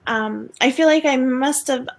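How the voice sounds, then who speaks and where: Hoarse woman speaking slowly. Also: high voice. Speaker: guest. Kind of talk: casual live-stream chat.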